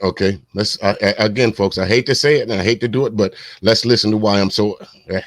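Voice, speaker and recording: A man's voice: on the low side, fast. A man from South Carolina talks in a blunt, profane, fired-up way as he co-hosts a casual talk. His voice sits in a middle range, and the recording sounds close and dry with no room echo. He comments on clips bluntly and without hedging. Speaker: co-host.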